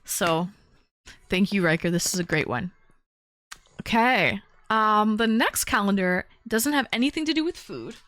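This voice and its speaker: A woman's voice: medium pitch, expressive, moderate pace, a bit bright. A woman from Toronto, a full-time streamer, chatting casually on a livestream as she unboxes gifts and answers viewers from chat. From Toronto, Canada. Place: home, small town.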